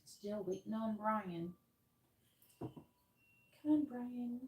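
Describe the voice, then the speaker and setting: A woman's voice: medium pitch, drawn-out words, heavy background noise. Woman tarot reader hosting a live stream, loose and chatty, heard from a distance off the mic. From New York. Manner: rambling, chatty, laughs often. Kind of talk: casual livestream chat. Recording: roomy sound, distant from the mic.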